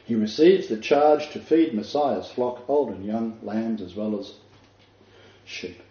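A man's voice: on the low side, takes it slowly, dark tone. An older man preaching a sermon, earnest and emphatic, with asides to his listeners. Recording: dull echoey room recording.

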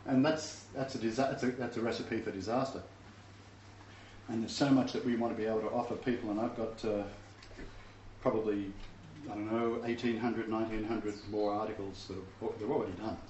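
A man's voice: fairly low pitch, level tone, fairly quick, a little mellow. A man preaching a teaching sermon to a messianic congregation, emphatic and often asking the listeners rhetorical questions. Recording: distant, roomy, dull recording with faint background noise.

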